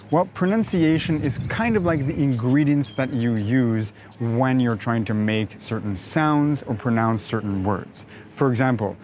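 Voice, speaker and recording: A man with a North American accent, an English coach explaining pronunciation in a measured, emphatic teaching manner. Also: medium pitch, darkish tone, slight background noise. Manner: measured, emphatic teaching delivery with frequent "now". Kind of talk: explanatory video lesson.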